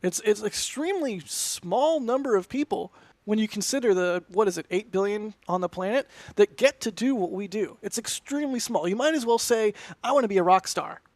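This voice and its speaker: Man, high voice, rambling effusive livestream host, dry close sound. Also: expressive, brisk, a little mellow, no room sound. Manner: rambling, effusive, self-interrupting. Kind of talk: casual launch-stream commentary.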